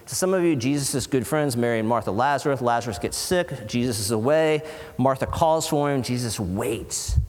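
A man preaching to his congregation in an earnest, conversational way. He pauses for effect and gives quoted characters their own voices. His mid-range voice rings out through a church hall with a long reverb. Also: medium pitch, darkish tone. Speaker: pastor. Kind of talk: sermon.

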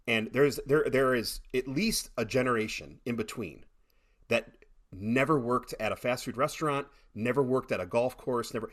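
A middle-aged man chatting casually on a podcast, telling animated stories with many repeated starts. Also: mid-range voice. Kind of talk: casual chat.

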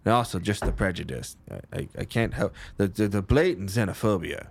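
A man's voice: fairly low pitch, animated, fairly quick, vocal fry, a little hiss or hum. A man with a cold playing his character in a tabletop game, rambling and playful. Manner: rambling, playful, jokey asides. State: has a cold. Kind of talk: in-character roleplay and table talk.

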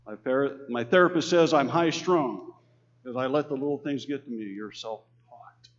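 A man's voice: medium pitch, normal speed. A man from Texas preaching a sermon in an earnest, conversational way, calling on the congregation to repeat lines after him. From Texas, USA. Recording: dull lo-fi sermon recording.

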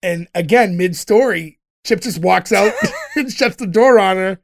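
High-voiced man recapping with quick laughs. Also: vocal fry. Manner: chatty, laughs often while retelling scenes. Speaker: podcast host recapping a TV episode. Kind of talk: casual chat.

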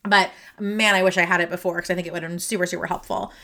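Rapid-fire and fairly even, her low, bright, forceful voice drives a casual solo podcast recorded in her office. This host and career coach chats with frequent fillers and restarts, sniffling and on the verge of tears.

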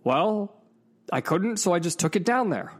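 A man's voice: high-pitched, expressive, normal speed, slightly rough. Man, casual vlog rant, swearing a lot, heated and emphatic, talks straight to the viewer. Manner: digressive, with asides to the viewer. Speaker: vlogger.

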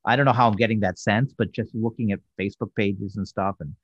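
A man's voice: fairly low pitch, fairly even intonation, fast, husky, dry recording, dull audio. A man co-hosting a casual review podcast, recapping scenes in a thoughtful, hesitant way with fillers. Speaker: podcast co-host reviewing a sitcom episode.

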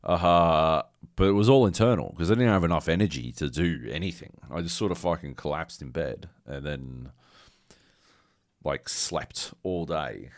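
A bass-voiced man co-hosting a casual podcast tells a rambling, profane story packed with dramatic quoted asides, still coughing slightly. He talks at normal speed. The sound is clean studio audio with no room echo.

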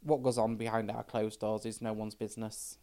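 A woman's voice: very deep voice, flat delivery, brisk, warm tone. A middle-aged trans woman, talking frankly as a podcast guest and telling stories with quoted dialogue. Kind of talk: casual chat.

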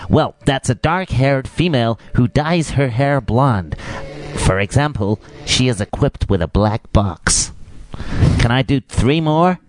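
A man joining a podcast chat, telling jokes by giving deadpan definitions of made-up terms. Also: mid-range voice, unhurried, low-quality recording.

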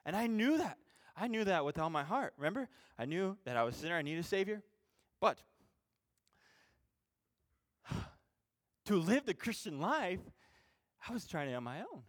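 Animated high-voiced male preacher. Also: brisk. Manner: animated, swings between loud emphasis and quiet asides; self-deprecating, informal. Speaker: youth pastor. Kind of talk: sermon.

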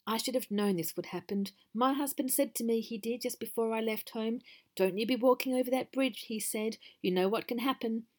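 A woman's voice: on the high side, fairly quick, a little mellow, pitched above the performer's own voice, lightly acted. A woman voicing a chatty mother goat. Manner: over-explaining, apologetic. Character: brisk chatty mother goat, thorough and sociable.

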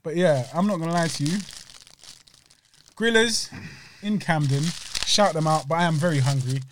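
A man's voice: fairly high pitch, moderate pace, fairly bright tone, a little hiss or hum. A man co-hosting a podcast, talking casually in slang with many restarts while eating. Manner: rambling, slangy, chatty with food breaks. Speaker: podcast co-host.

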